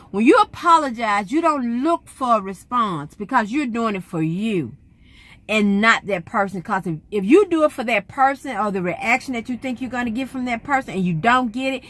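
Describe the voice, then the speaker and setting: A woman's voice: on the high side, a bit bright. A middle-aged woman, giving an emphatic, preacherly faith testimony to her vlog audience. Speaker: vlogger.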